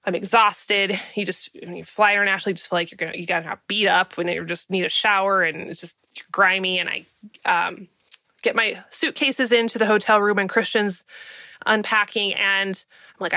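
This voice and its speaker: A woman in her thirties from the United States hosts a podcast, telling a personal story in a chatty, laughing, self-deprecating monologue. Her voice is medium-pitched with a sharp tone, and there's no room sound.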